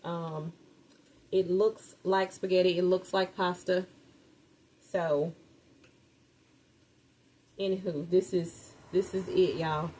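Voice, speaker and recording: Cooking in her home kitchen, a middle-aged vlogger talks to her viewers in a relaxed way, addressing them as "y'all" and gushing about the food. Her voice sits on the low side, level and dark, and she takes it slowly with long pauses. The low-quality recording picks up kitchen sizzle and frying behind her.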